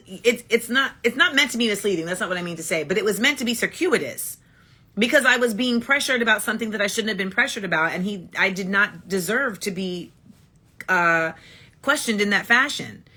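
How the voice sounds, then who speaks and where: A woman's voice: mid-range voice, animated, moderate pace, pushed and bright. A woman hosting a casual livestream monologue into a phone, blunt and emphatic, restating her points again and again. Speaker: livestream host.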